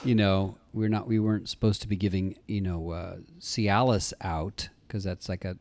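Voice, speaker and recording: A middle-aged man in a casual interview, telling stories in an animated way and acting out the people he quotes. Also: deep voice, normal speed, no echo. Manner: animated storyteller, acts out quoted voices. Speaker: interview guest, actor-writer-director.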